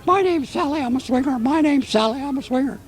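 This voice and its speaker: An older man voicing a cheeky female pet parrot in a shrill, singsong voice while telling a joke. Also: lively intonation, quick pace, slight background noise.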